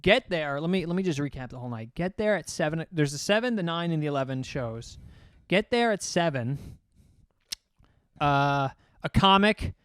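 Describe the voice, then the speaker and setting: Brief: young male comedian, lively storyteller, smooth clear voice. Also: fairly high pitch, normal speed, no echo, clean studio sound. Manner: animated, rambling, acts out quotes. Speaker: comedian and podcast host. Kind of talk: casual storytelling chat.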